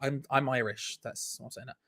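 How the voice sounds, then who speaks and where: A young man hosting a live football watch-along stream, excitable, laughing often and repeating himself as he reacts. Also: mid-range voice, a little fast.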